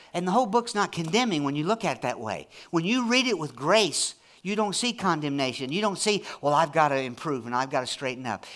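A man delivering a church sermon with a bright, ringing tone. He preaches emphatically, piles up repeated phrases, and his pitch leaps around with lively energy. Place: church service.

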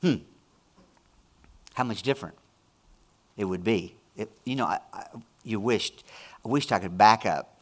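A middle-aged man preaching a sermon as pastor, emphatic, swinging between loud declarations and hushed, intimate asides. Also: fairly low pitch, a little slow, pauses often.

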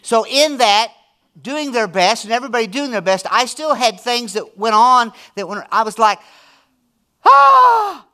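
Middle-aged male pastor, sermon delivery, emphatic with hushed asides; high, bright tone. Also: moderate pace, smooth. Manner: emphatic preaching, swinging from loud to hushed and intimate.

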